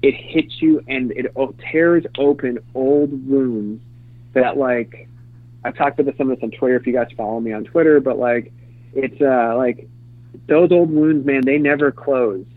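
A man's voice: medium pitch, measured pace. Candid rambling man on a tinny line. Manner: rambling, candid, many fillers and restarts. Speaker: interview guest, former publicist. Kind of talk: casual storytelling interview. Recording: dry, phone-like lo-fi sound.

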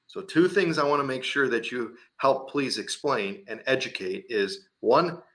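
A man's voice: medium pitch, expressive, measured pace, a bit bright. A man hosting an interview show, enthusiastic and a bit rambling. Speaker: host.

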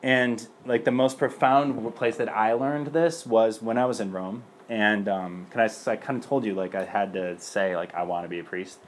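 A man's voice: on the low side, moderate pace, hardly any pauses. A young man speaking as a priest, giving an earnest personal testimony in a loose conversational way. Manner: earnest and conversational, many fillers.

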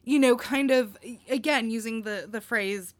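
A woman's voice: a little high, unhurried. A woman hosting a podcast, talking casually with many restarts and filler phrases. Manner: rambling, many you-knows and restarts. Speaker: podcast host.

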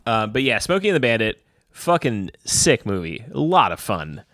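A young man co-hosting a film podcast, talking in an animated, laughing way with lots of "like.". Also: on the low side, moderate pace, dry recording, studio quality. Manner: animated, laughing, heavy on fillers like "like". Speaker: podcast co-host. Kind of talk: casual film chat.

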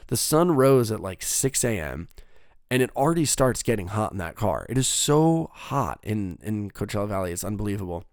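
Gravelly-voiced young man rambling. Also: lowish voice, big pitch swings, normal speed, dry recording, clean studio sound. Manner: rambling, profane, lots of fillers and restarts. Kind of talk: casual storytelling monologue.

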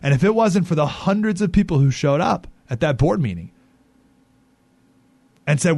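A man hosting a talk radio show, giving animated, indignant commentary and acting out the people he quotes. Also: fairly high pitch, normal speed, vocal fry, long pauses, dry recording.

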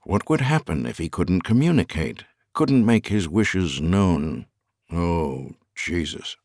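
A man narrating an audiobook in a measured storytelling manner. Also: low voice, animated, a little mellow, no echo, studio quality.

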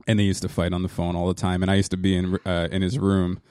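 A man's voice: sits low, flat delivery, darkish tone, dry recording. A man in his thirties from New Jersey, co-hosting a podcast in a casual, rambling chat full of restarts, recorded in his parents' home music studio. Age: 30s. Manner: rambling, halting, laughs often. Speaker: podcast co-host. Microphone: podcast mic in a small home studio.

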